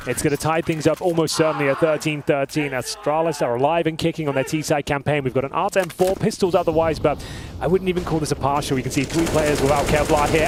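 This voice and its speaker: A man casting an esports match, with brisk, analytical play-by-play commentary. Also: fairly high pitch, background noise. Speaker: esports caster.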